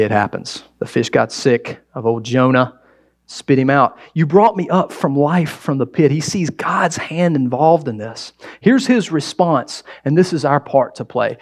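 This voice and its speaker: Delivering a sermon in a mid-range voice, this pastor addresses the church in a conversational style. He shifts back and forth between loud exclamations and quiet asides.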